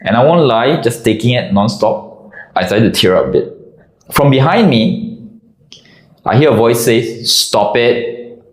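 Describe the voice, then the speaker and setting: A man from Singapore telling a personal story about army life in an expressive, conversational way. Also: medium pitch, moderate pace, long pauses. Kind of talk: personal anecdote narration. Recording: echoey room.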